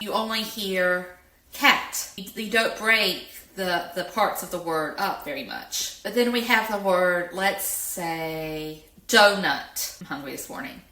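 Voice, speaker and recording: A middle-aged woman explaining reading skills in a lesson, slow and clear, and she stresses each example word. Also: lowish voice, pushed and bright. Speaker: educator. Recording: echoey room.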